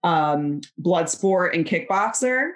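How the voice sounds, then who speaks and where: A woman guest with a fairly low voice jokes in casual podcast banter. She keeps a deadpan, mock-earnest delivery. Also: takes it slowly.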